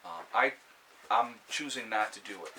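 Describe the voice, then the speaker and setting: A man's voice: on the low side, animated, normal speed, pushed and bright, slight background noise, rough recording. A man giving an opinionated casual vlog monologue, emphatic and ranting, checking in with frequent "okay?" asides. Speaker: vlogger.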